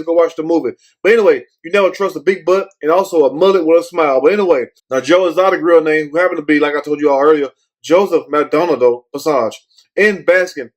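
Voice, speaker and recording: Rambling, profane male commentary host. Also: on the high side. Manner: rambling, repeats "but anyway"; blunt, profane. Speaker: show host. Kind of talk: casual commentary.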